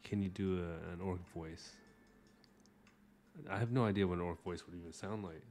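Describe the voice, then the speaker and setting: Low-voiced man chatting while he draws. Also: fairly even intonation, normal speed, a little hiss or hum. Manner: rambling, jokey and self-mocking; talks while drawing, trailing off into soft mumbles. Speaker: artist hosting a drawing livestream. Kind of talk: casual livestream drawing commentary.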